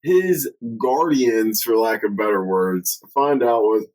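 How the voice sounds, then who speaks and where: A man's voice: lowish voice, animated, slow pace, a little mellow, poor audio. A young man co-hosting a film review podcast in loose, slangy, profane casual chat, laughing often.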